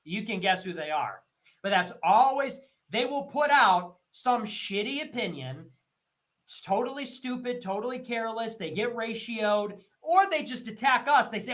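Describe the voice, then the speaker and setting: A man's voice: expressive, moderate pace, fairly bright tone. A man hosting a livestream, ranting in heated, profane commentary and repeating his points. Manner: mocks others in shrill put-on voices. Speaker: livestream host.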